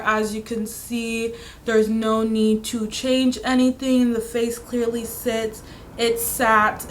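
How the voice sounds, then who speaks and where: A young woman reviewing her favorite beauty products in a casual chat, her voice raspy and hoarse from illness, with lots of filler words. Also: a little high, fairly bright tone, slight background noise. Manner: chatty, full of "like" fillers. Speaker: beauty vlogger.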